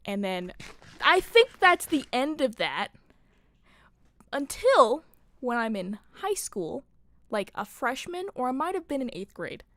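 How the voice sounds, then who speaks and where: A woman's voice: high-pitched, very animated, unhurried, fairly bright tone, no echo. A young woman streaming, telling a rambling story in casual chat, full of fillers and swearing.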